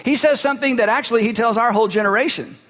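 A man's voice: very high-pitched, very fast, fairly bright tone. A man preaching a sermon as a pastor, telling stories in a conversational way with humorous asides. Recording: long hall reverb.

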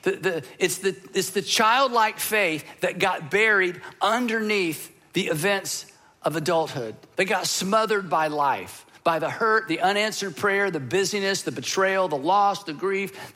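A man preaching a sermon in an earnest, emotional way, with dramatic pauses and repeated phrases. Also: high voice, sharp tone. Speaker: pastor.

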